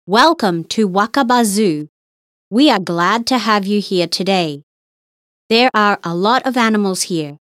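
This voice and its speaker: A woman reading English listening-test passages slowly and with careful enunciation. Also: mid-range voice, animated, fairly bright tone, dry recording, clean studio sound. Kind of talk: scripted exam reading.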